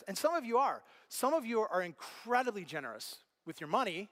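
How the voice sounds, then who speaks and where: A man preaching a sermon as pastor, telling stories with lively, animated reactions. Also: extremely high pitch, fairly quick. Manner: animated storyteller, acts out his own reactions.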